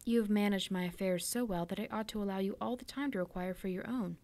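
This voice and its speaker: A warm, fatherly ship owner speaks with easy encouragement, read by a woman in a storybook voice. His tone is mellow and soft rather than bright, gently pleased with the young sailor in front of him. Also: medium pitch, quick pace, natural voice. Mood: genial. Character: kindly middle-aged male ship owner.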